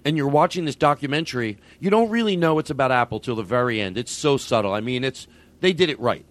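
A male podcast host chats in a loose, rambling way. He keeps stopping and restarting his sentences. His voice sits at an ordinary middle pitch. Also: lively intonation, quick pace. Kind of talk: casual comedy podcast chat.

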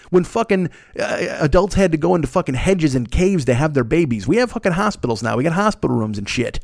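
In a clean studio recording without room sound, a podcast host in his fifties, phlegmy as he recovers from a cold, delivers a profane, rambling comic riff. His fairly quick, high-leaning voice barely pauses as he turns crude and animated, slipping into mocking voices.

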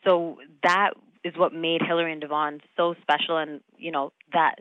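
A woman in her thirties, an actress talking casually in an interview, animated, laughing often and full of fillers. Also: deep voice, normal speed, dry recording, narrow, tinny audio. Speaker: actress guest.

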